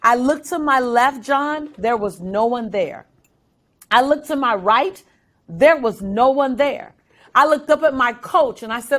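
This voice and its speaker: Animated woman telling a story. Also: high voice, a little slow. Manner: animated, dramatic storytelling with acted quotes. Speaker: guest. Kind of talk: storytelling interview.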